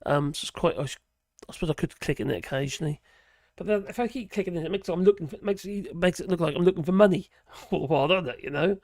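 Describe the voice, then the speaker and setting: A man with a hoarse voice, rambling and chuckling as he hosts a live stream and reads out viewer chat. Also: high-pitched, fairly quick, a little mellow, no echo, clean studio sound. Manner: rambling, chuckling, trailing off mid-sentence. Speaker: livestream host reading viewer chat.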